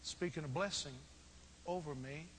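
A man voicing a grown son who earnestly pleads with his hard father, halting and repeating himself. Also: a little high, a bit bright, a little hiss or hum, natural voice, rough recording. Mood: humble.

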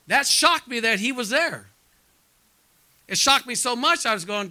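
High-voiced, forceful preacher. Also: male voice, expressive, normal speed, long pauses. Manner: preaching with frequent amens and call-and-response; drops quiet and hushed when telling his testimony. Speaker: pastor. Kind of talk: sermon.

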